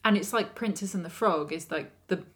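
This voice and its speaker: A woman co-hosting a relaxed film review chat. She talks in a chatty way and laughs easily while explaining details. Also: fairly low pitch, a little fast. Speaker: podcast co-host.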